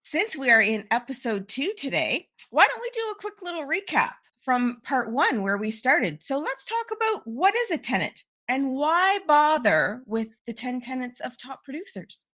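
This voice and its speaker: Female podcast host, high and animated, cheerful welcoming delivery. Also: moderate pace, hardly any pauses. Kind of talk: podcast conversation.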